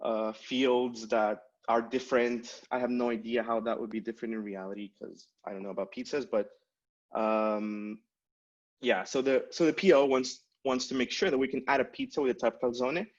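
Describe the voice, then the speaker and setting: A man's voice: mid-range voice, steady tone, normal speed, lo-fi sound. A man giving a conference tech talk in a casual style, with many fillers and restarts. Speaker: conference speaker.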